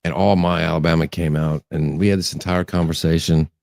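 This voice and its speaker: A man's voice: extremely low pitch, fairly even intonation, a little fast, vocal fry, a little mellow, no echo, clean studio sound. A man from Texas with a mild Texas accent, co-hosting a casual chat and telling easygoing stories. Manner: easygoing storyteller, laughs often. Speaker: podcast co-host.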